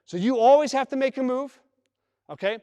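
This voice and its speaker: A man's voice: extremely high pitch, fairly quick, warm tone, smooth. A man coaching basketball at a live clinic, talking through drills and repeating himself as he demonstrates with players. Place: large indoor gym. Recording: long reverb in a gym hall.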